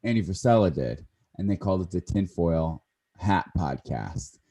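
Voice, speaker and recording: Very deep, husky-voiced man in his thirties. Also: expressive, moderate pace, warm tone. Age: 30s. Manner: rambling, self-correcting. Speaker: podcast co-host. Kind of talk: casual podcast chat.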